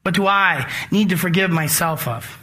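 Man, sermon, high voice, bright tone, conversational, acts out asides. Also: normal speed. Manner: conversational, animated preaching with acted-out asides. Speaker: pastor.

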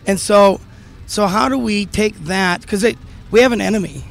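A man interviewing a guest about faith, asking halting, restarting questions. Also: high-pitched, creaky.

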